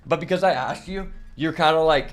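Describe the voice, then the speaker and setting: A man telling a long rambling story while playing a card game, swearing freely and filling pauses with fillers. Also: on the high side. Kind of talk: casual storytelling while gaming.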